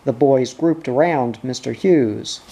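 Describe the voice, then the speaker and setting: A man narrating an audiobook in a measured reading style. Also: medium pitch, gravelly, mellow.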